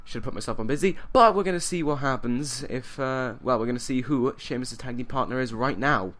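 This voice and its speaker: Man, let's-play game commentator, excitable, rambling asides, average pitch. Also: a little fast. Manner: excitable, bursts into shouts and laughs at big moments; rambling, self-correcting asides.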